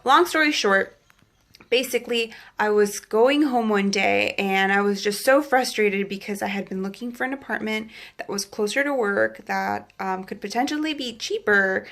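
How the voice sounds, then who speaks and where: A woman's voice: a little high, fairly bright tone. A young woman telling a personal faith testimony in a chatty vlog, full of "like" and acted-out quotes. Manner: chatty, fillers of "like", acts out quotes. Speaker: vlogger. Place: Los Angeles area.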